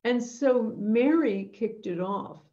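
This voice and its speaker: A woman's voice: a little high, takes it slowly, dark tone, muffled recording. A woman hosting an intention webinar, telling a story in an earnest, reflective way. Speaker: host leading an intention webinar.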